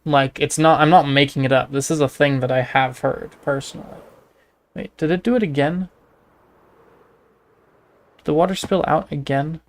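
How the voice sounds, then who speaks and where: At a normal speed with long pauses, a Canadian-accented livestreaming gamer speaks in a fairly high, steady voice. He offers casual gameplay commentary, chatting and spinning jokey, rambling stories.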